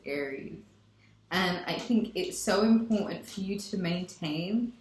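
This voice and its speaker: A woman gives a tarot reading in an unhurried, drawn-out delivery, gushing over each point and repeating her affirmations. Her voice carries a noticeable room echo, with a faint hiss underneath. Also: mid-range voice, darkish tone. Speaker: tarot reader. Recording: echoey room.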